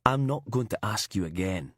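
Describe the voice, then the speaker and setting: A man's voice: lowish voice, expressive, normal speed, a bit bright, slightly rough, dry recording, clean studio sound. A man voicing a detective sergeant who is curt, sweary and contemptuous. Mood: hostile. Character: angry male detective sergeant, blunt and sweary.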